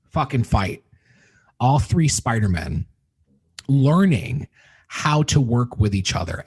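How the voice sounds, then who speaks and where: A man's voice: fairly high pitch, husky. A man hosting a podcast, ranting through a casual movie review, swearing a lot, rambling with fillers and laughing often. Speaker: podcast host.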